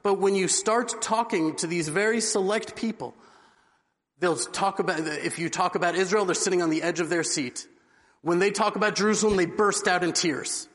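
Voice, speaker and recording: A man's voice: high-pitched, normal speed, a bit bright. A man giving an inspirational religious talk, telling a story earnestly. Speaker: religious speaker. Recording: long hall reverb.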